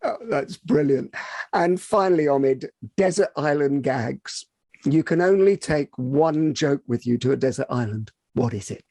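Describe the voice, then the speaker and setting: A man's voice: a little high, expressive, normal speed, gravelly, mellow, dry recording. A man hosting an interview podcast, upbeat and full of praise for his guest. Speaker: podcast host. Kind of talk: interview questions and outro.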